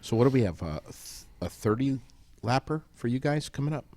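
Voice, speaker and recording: A man hosting a casual talk show, easygoing and asking questions with halting restarts. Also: medium pitch, expressive, mellow.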